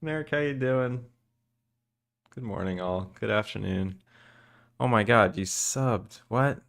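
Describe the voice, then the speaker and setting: A young man talks with viewers on a live stream right after waking up. His voice sits very low and gravelly with morning fry, and he keeps it drowsy, relaxed and chatty. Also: slow. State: just woken up, morning voice. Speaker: game developer streamer. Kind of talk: casual live-stream chat.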